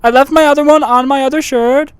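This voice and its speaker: A woman's voice: high voice, steady tone, fast, no room sound, pitched above the performer's own voice, natural voice. A woman playing a male gas station clerk with a put-on speech impediment, in improvised comedy. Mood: deadpan. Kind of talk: improvised comedy role-play.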